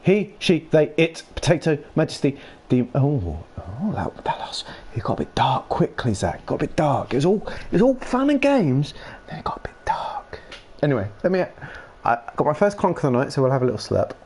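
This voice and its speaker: A young man chatting casually and playfully with his live chat while streaming a game, rambling and breaking into silly shouts. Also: fairly high pitch, very animated, brisk, husky.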